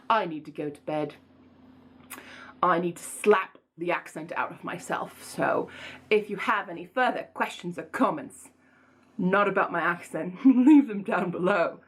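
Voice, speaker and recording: A young woman chatting casually to camera as a book vlogger, animated, rambling and self-mocking. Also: mid-range voice, unhurried.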